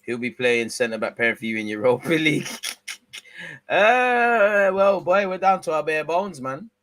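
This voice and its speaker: A young man hosting a live football watch-along, slangy banter between bursts of excited play-by-play. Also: fairly high pitch, normal speed, no echo.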